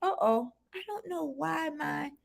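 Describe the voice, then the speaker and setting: A woman in her sixties hosting a casual livestream, greeting viewers by name and chatting warmly with frequent ums. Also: high voice, unhurried, creaky. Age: 60s. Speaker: livestream host.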